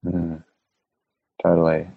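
A man's voice: deep voice, completely flat delivery, slow, gravelly, husky, no echo, narrow, tinny audio. A man hosting a podcast, asking questions in a hesitant, casual way while he searches for words. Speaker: podcast host.

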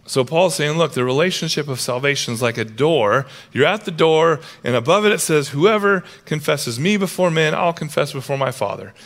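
A male pastor preaching a sermon, telling stories with lively acted-out quotes. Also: on the high side, normal speed, hardly any pauses. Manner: animated storytelling, acts out characters with raised voice.

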